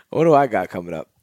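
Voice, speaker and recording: A man's voice: medium pitch, no echo, studio quality. Laid-back man hosting a podcast. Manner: laid-back, wraps up the show. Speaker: podcast host. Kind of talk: casual podcast chat.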